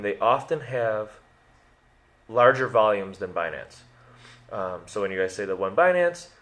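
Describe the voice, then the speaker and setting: A man's voice: fairly low pitch, fairly bright tone. A young man hosting a casual crypto update video, rambling and correcting himself as he goes, with jokey asides and a case of the hiccups. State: has the hiccups.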